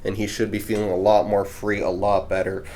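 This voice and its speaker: Relaxed low-voiced male host. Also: fairly quick. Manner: relaxed, upbeat, explains plainly. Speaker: chiropractor, host. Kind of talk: casual chat with explanation.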